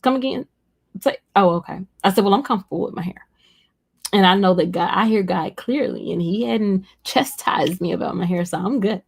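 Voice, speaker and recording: A woman hosts a casual livestream at a middling pitch, chatty and animated. She reads viewer comments aloud and laughs often. When she quotes people, her voice leaps up high. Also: brisk, vocal fry, breathy edge. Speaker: livestream host. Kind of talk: casual live-stream chat, reading viewer comments. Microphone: streaming setup.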